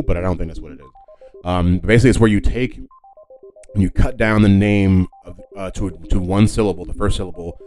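A man's voice: low-pitched, brisk, a little mellow, faint music behind. A man hosting a solo podcast, talking casually in a rambling way with lots of fillers and self-corrections. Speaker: podcast host.

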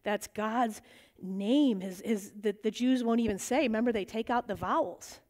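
A middle-aged woman teaching a bible study, lively and animated, acting out the voices in the stories she tells. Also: on the high side, normal speed. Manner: animated, acts out quoted voices.

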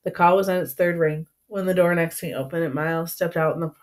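A woman's voice: fairly low pitch, steady tone, fast talker. Woman reading a novel aloud in first person. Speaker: audiobook narrator. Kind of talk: first-person audiobook narration.

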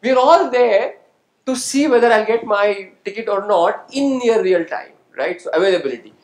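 A man speaks as a guest lecturer, calling on students and testing them with questions. His voice sits a little high for a man. The sound carries the echo of a lecture hall. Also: animated, normal speed. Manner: engaging, quizzes the audience and calls on people; asks "right?" to check understanding.

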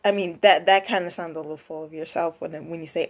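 A young woman telling a story in a casual, rambling monologue, with many restarts and excited rises in pitch. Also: moderate pace, few pauses. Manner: lively pitch jumps when excited. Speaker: vlogger.

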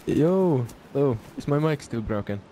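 A man's voice: medium pitch, animated, moderate pace, mellow, a little hiss or hum. A man joining a group game over voice chat, talking tentatively and repeating himself. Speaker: guest player. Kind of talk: casual gaming chat over voice call.

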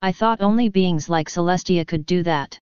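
A skeptical young woman who keeps asking pointed questions, as a narrator puts her on. The voice is lowish for a woman and very clear, in a dry, slightly dull recording. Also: normal speed, darkish tone, dry recording, natural voice. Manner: skeptical, probing.

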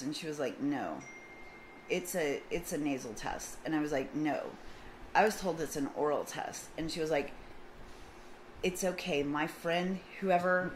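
Middle-aged woman, lowish voice, casual vlog storyteller who plays out both sides of a dialogue; faint background hiss. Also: poor audio. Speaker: vlogger.

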